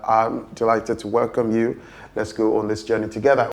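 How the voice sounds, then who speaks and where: A man with a Nigerian English accent teaching a pronunciation lesson. He explains patiently and slows down to model each word. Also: lowish voice, flat delivery, gravelly.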